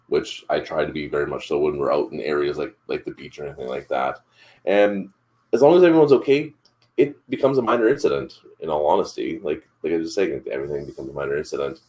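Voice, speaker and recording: A man's voice: rumbling low, animated, fast, darkish tone. A man hosting a live morning chat show, telling a family story in a casual, rambling way with lots of fillers and restarts. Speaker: father.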